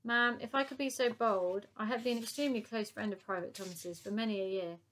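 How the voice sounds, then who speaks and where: A woman's voice: mid-range voice, brisk, a bit bright, lightly acted. A woman reading aloud, voicing a pompous, ingratiating old male admiral.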